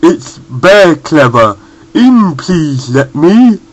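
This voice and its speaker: A man doing a slow, muddled brainless bear. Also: a little high, sing-song, dull audio, voice pushed up, exaggerated voice. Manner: slow, jumbled words.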